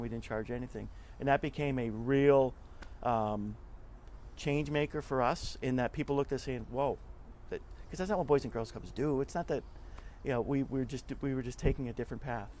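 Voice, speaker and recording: With a slightly mellow, medium-pitched voice, a male interview guest shares stories earnestly and conversationally, frequently repeating words. A faint hiss or hum sits under the recording.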